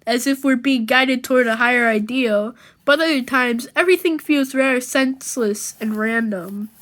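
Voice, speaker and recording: A woman's voice: on the high side, fairly bright tone, natural voice. Jake, a woman doing an earnest brainy comic hero. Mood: musing. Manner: earnest, quick and thoughtful.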